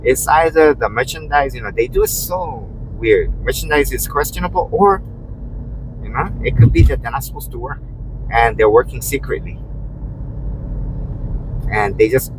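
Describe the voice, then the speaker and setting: The audio is poor, with faint car road noise, as a rideshare driver talks at normal speed in a mid-range voice, pausing often. Storytelling behind the wheel, he rambles with "you know" and restarts and performs quotes in a raised voice.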